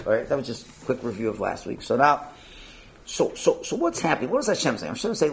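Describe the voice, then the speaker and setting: Male teacher, animated and conversational, asks his class questions. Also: medium pitch, quick pace, a little hiss or hum. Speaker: Torah teacher. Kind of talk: informal lesson.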